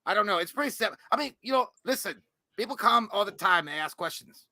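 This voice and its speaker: A man co-hosting a livestream, giving a loud, profane mock pep talk in casual chat. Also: high voice, lively intonation, quick pace, no echo. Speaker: livestream co-host.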